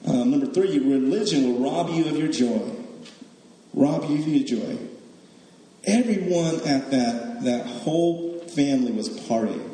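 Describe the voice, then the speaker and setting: A man's voice: medium pitch, measured pace, warm tone. Man preaching in an echoey hall. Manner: conversational and joking, tags lines with "right?". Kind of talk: sermon. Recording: echoey hall with long reverb.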